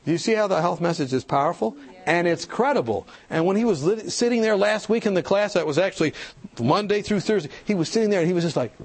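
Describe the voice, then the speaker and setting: A man giving an animated church seminar talk, telling stories, acting out the people in them and asking the audience questions. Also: sits high, fast, breathy edge. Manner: animated storytelling, acts out quoted people. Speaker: health speaker.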